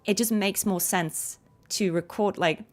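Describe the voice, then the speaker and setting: This young adult woman is a voice actress streaming a game, talking casually and breaking down voice technique with fast examples. Her pitch is medium.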